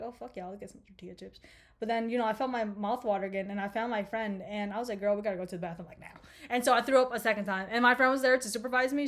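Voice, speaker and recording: A young woman in her twenties casually telling a rambling, profane story to her viewers, with laughing asides. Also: fairly high pitch. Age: 20s. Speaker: vlogger.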